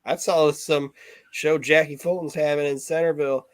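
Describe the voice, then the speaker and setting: A man's voice: on the high side, flat delivery, normal speed. A man co-hosting a casual chat, blunt and heavily profane, cracking jokes as he talks. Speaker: podcast co-host. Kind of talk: casual chat about old wrestling shows.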